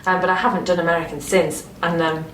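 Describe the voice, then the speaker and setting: A Northern English woman, an actress being interviewed, who talks with animated enthusiasm and often restarts her sentences. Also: fairly low pitch, fast. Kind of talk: casual interview chat. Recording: roomy, distant mic with faint noise.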